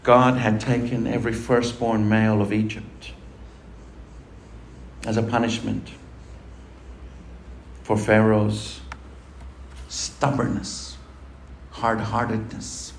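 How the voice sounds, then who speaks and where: A man's voice: on the low side, level tone, slow, long pauses. A man preaching a sermon, emphatic, asking the congregation rhetorical questions. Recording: echoey room with faint ambient noise.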